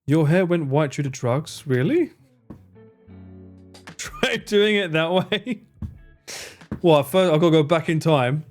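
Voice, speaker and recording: Brief: male streamer in his thirties, animated up-and-down voice, crude joking banter, faint music underneath. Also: on the high side, takes it slowly, pauses often. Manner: joking, sweary banter with chat. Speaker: live streamer. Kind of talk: casual live-stream chat.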